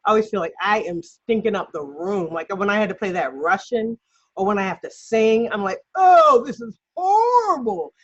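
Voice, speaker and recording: A woman acting coach talks through a mini lesson over a video call, chatty and self-deprecating, laughing as she goes. Her voice sits mid-pitch, and the call audio sounds dull and lo-fi. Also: fairly quick, a bit bright.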